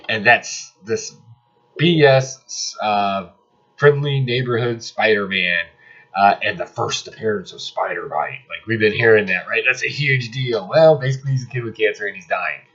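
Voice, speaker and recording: Husky, sarcastic man reviewing comics. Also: fairly low pitch, fairly bright tone. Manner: sarcastic, exasperated ranting. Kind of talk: casual comic review monologue. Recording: slightly dull lo-fi audio.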